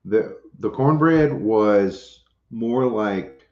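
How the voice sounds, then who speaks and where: A man with a lowish, expressive voice speaks very slowly as he hosts a laid-back homestead channel livestream. He jokes around with viewers and reads out their comments. The audio is roomy, dull and lo-fi.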